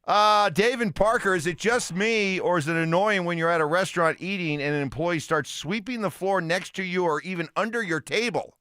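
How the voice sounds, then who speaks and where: A man co-hosting a casual sports talk radio show, animated and quick with jokes. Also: high voice, clean tone, no room sound, clean studio sound. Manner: animated, quick jokey back-and-forth. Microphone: studio broadcast mic.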